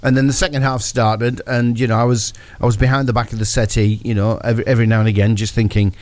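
Animated football pundit. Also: male voice, medium pitch, brisk, dry recording. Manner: storytelling, acts out his own thoughts. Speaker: football pundit on a breakfast show. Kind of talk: animated radio match recap.

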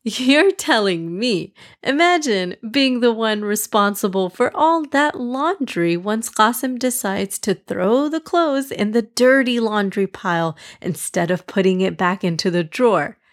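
A woman voicing a patient, loving mother in a children's storybook, speaking gently and coaxingly. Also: mid-range voice, lively intonation, unhurried, hardly any pauses. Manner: gentle, coaxing, slightly raised.

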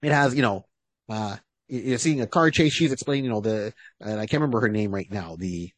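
A man's voice: lowish voice, a little fast, dry recording. A man co-hosting a podcast, retelling a story in a casual, rambling way with many fillers. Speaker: podcast co-host. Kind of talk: casual chat.

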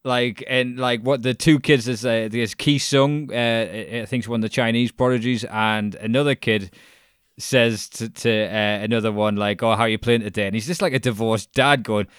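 Male co-host, casual and jokey, dry close recording, mid pitch. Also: steady tone, moderate pace, clean tone, dry recording. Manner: joking, swears casually, acts out quotes. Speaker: podcast co-host. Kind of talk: casual chat.

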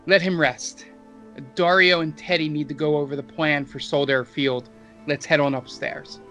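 A man's voice: fairly high pitch, flat delivery, normal speed, pushed and bright, soft background music. A man voicing a caring elven holy knight. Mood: gentle.

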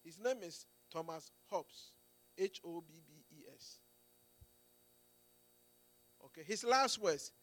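A man preaching with emphasis, his voice high and swinging widely up and down. He keeps restarting his phrases and turns to the listeners with "Amen" and questions. The sound is close and dry. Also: lively intonation, slow pace, long pauses, fairly bright tone, dry recording. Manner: emphatic, with frequent restarts and "Amen"s and "Do you get it?". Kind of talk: sermon.

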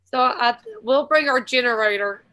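Bright, high-voiced woman checking details. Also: moderate pace, dry recording. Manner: asks questions, checks details, reads aloud. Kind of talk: casual group chat.

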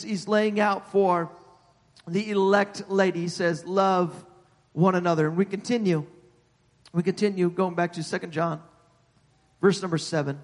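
A man preaching a sermon to his congregation in a church, repeating words as he builds and rising in pitch and volume at the high points. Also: steady tone, normal speed. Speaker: pastor. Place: church sanctuary. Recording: long hall reverb.

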